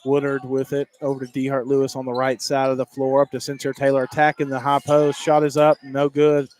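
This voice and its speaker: A man calling high school basketball play-by-play, rapid and excitable, climbing higher on big plays. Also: a little hiss or hum. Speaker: play-by-play announcer.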